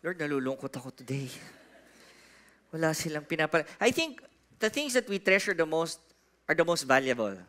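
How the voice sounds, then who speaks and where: A man with a Filipino accent, preaching a sermon in church, animated and asking the congregation questions, moving between soft and loud. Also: a little high, brisk. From Philippines. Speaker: pastor.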